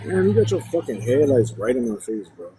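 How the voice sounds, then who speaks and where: A man's voice: mid-range voice, big pitch swings, fairly quick, warm tone, a little hiss or hum, low-quality recording. A young man chatting casually and bluntly with his viewers on a livestream, rambling and swearing freely.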